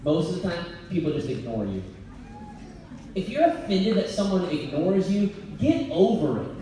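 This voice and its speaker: A man giving a blunt, energetic motivational talk as a business coach before a live audience, joking and laughing as he goes. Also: high voice, moderate pace, background noise. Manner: blunt, energetic, jokey, often laughing mid-sentence. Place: event venue before an audience. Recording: very echoey hall, voice picked up from far off.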